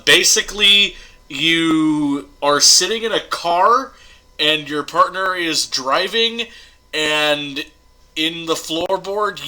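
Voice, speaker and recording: Bright-voiced chatty male host. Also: a little high, poor audio. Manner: chatty, laughs often, many fillers. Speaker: show host. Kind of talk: casual podcast chat.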